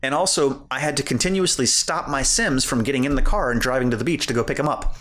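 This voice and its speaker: A man's voice: mid-range voice, quick pace. A man co-hosting a podcast, telling a funny story in casual chat and laughing along as he goes. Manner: animated, laughs through his own story. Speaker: podcast co-host.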